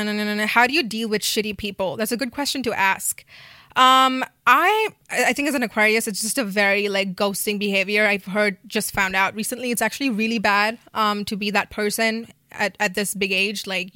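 A tired young woman hosting a podcast from her bed, chatting in a loose, rambling way full of "like" and swearing. Her voice is bright and sharp. The recording is dry and close. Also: mid-range voice, clear, resonant tone, dry recording. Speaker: podcast host. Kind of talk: casual chat.

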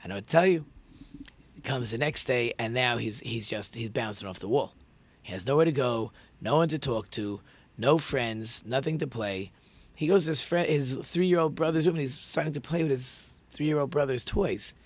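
A man's voice: medium pitch, moderate pace, no room sound. A man telling a story in a conversational sermon, with many fillers and restarts.

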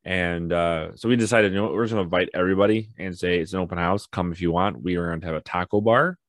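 A young man co-hosting a podcast in casual chat, telling family stories with animation and acting out his toddler in high voices. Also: fast talker, no room sound, studio quality. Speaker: podcast co-host.

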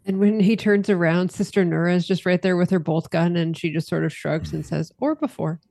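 Low gravelly woman describing her character. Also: flat delivery, a little fast, mellow. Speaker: player. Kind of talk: casual tabletop play.

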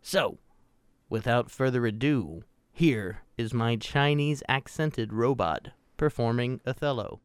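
A man, the podcast's host, reading a deliberate, scripted promo. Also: medium pitch, clean tone, no echo.

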